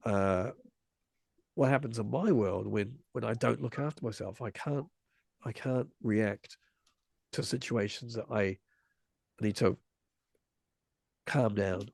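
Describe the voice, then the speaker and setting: A man's voice: mid-range voice, gravelly, a little mellow, no room sound. A man in his forties telling a story in casual conversation, rambling with many restarts and vivid retelling. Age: 40s.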